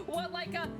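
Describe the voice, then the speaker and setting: Giggly, high woman streamer. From Tasmania, Australia. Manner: giggly, bubbly, greets chat by name. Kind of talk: casual live-stream chat while drawing.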